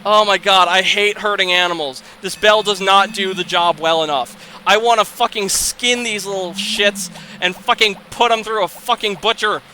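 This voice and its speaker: Young guy rambling through a game, high bright voice, swears a lot, light hiss behind. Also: steady tone, normal speed, hardly any pauses. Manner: rambling, profane, swings into exasperated shouting and laughter. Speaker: let's play host. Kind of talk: casual gameplay commentary.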